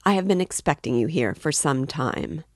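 Cool ironic magistrate, calm and measured, low gravelly voice, read by a woman. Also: dry recording, clean studio sound.

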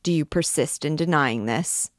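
A woman's voice: low voice, normal speed, no echo, studio quality, natural voice. A woman reading a cold, solemn judge. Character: stern, cold male court president.

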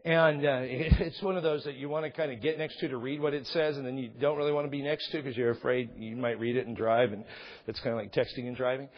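Husky-voiced pastor telling a funny story. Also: male voice, mid-range voice, fast. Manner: humorous, sarcastic, animated retelling. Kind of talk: sermon storytelling. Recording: dull lo-fi sound.

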